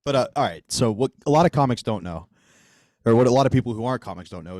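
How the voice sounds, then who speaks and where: A man's voice: fairly low pitch, darkish tone, no room sound, studio quality. A man co-hosting a comedy podcast, telling a long story in casual, profane banter. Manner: profane, joking, acts out others in his stories. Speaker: podcast co-host.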